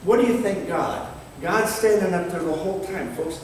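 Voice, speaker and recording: An older man preaching a sermon in a fiery, dramatic way, reading scripture slowly and emphatically and swinging between loud and quiet. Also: sits high. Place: large church hall. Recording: echoey hall from far off, faint background noise.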